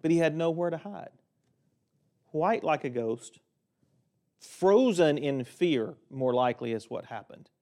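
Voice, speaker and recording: A man preaching a sermon from a lectern in a church, folksy and joking, swinging between loud stretches and quiet ones. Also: a little high, animated, unhurried, pauses often. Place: church sanctuary, speaking at a lectern.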